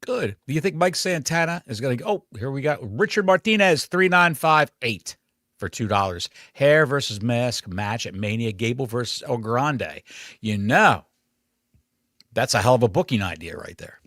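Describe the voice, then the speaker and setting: A man co-hosts a wrestling podcast, chatting casually in an excitable, joking manner. His middling pitch swings lively up and down at a normal speed. The recording is dry and close, with no echo.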